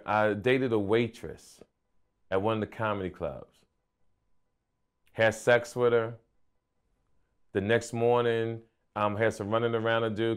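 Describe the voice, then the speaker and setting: A male comedian calmly recounting a personal story in an interview. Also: on the low side, smooth. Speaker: comedian guest.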